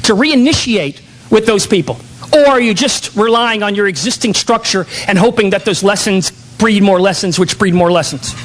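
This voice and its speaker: High-pitched man giving a keynote. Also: low-quality recording. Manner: emphatic, rhetorical questions. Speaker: keynote speaker. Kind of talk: motivational keynote speech. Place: conference hall.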